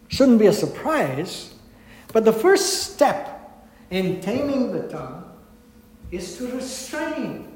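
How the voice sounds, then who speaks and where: A male pastor with a high but mellow voice delivers an earnest, conversational sermon. He keeps checking in with his listeners, and his voice rings out through a roomy hall with a long, lingering reverb. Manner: earnest, conversational preaching with frequent "right?" asides.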